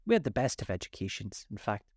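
A man's voice: fairly low pitch, big pitch swings, darkish tone, dry recording. A man voicing the Mock Turtle, a melancholy creature who sighs and sobs as he talks, in a storybook reading. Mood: mournful. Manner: mournful, sighing, slow. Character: melancholy sobbing male Mock Turtle, sighing.

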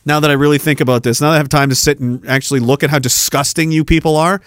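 A man's voice: fairly high pitch, steady tone, quick pace, fairly bright tone, no room sound, studio quality. A man hosting a podcast, ranting in a sarcastic, profane way. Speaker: podcast host. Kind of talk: political rant podcast.

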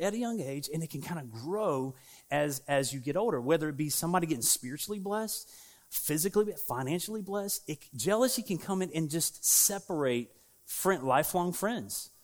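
Young man preaching, chatty and animated, self-mocking, fairly high-pitched. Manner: animated, laughs at himself, acts out voices in his stories. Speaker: pastor. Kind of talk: casual storytelling sermon.

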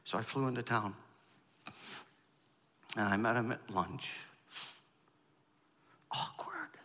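A man's voice: fairly low pitch, a little slow, in a large hall. A pastor in his fifties telling a candid personal story in a sermon, acting out both sides of the conversations. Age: 50s. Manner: candid, animated storytelling, acts out dialogue.

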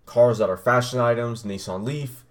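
A man's voice: medium pitch, normal speed. A young man hosting his own podcast, talking casually and rambling as he reacts to his old first episode. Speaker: podcast host. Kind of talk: casual solo podcast talk.

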